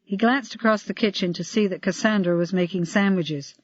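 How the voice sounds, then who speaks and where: Brief: measured crime-novel narrator, mid pitch, dry muffled recording. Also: no echo. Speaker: audiobook narrator. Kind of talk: scripted narration.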